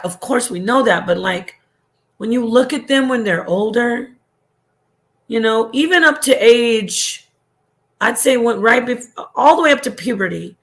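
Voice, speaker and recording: A middle-aged woman hosting a casual livestream, reading her chat and talking warmly, often trailing off and restarting her sentences. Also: fairly high pitch. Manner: chatty, affectionate, trailing off and restarting. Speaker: livestream host.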